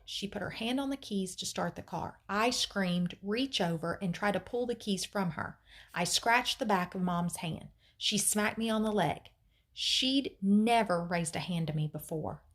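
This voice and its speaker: Teacher reading a novel aloud. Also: female voice, medium pitch, a bit bright.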